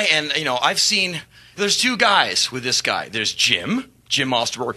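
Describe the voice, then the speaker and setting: A man, a touring rock musician, telling a backstage anecdote with animated, profane energy, acting out scenes. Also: medium pitch, unhurried, husky. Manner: animated, swearing, acts out scenes, bursts of laughter and shouts. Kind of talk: storytelling anecdote.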